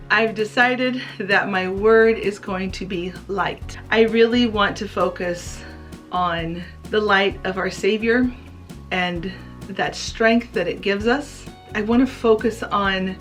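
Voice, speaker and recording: A woman talks straight to her viewers in an earnest, heartfelt way. Her voice sits at a middle pitch, and a faint bed of music plays under it. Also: fairly bright tone. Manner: earnest, emotional, tearful at times. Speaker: craft vlogger. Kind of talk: heartfelt personal vlog talk.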